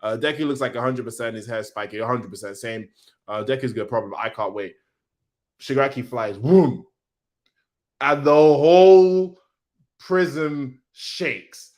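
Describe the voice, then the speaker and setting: Excitable man reacting to manga. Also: lowish voice, fairly quick. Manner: excitable, slangy, reads panels aloud. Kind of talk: casual live manga reaction.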